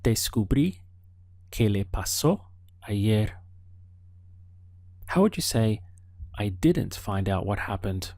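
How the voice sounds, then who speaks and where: A man leads an audio language lesson at an unhurried, careful pace, giving the listener room to answer. His voice sits a little low. The recording is close and dry, with no room sound. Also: very animated, warm tone, no echo. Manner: slow, patient prompting with pauses for the learner. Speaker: language teacher.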